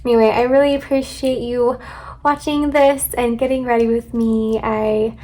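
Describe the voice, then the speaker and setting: A woman's voice: on the high side, fairly even intonation, normal speed, dark tone. A young woman vlogger chatting casually to her viewers while doing her makeup and hair. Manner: chatty, talks to viewers as "you guys". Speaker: beauty vlogger. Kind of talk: casual get-ready-with-me chat.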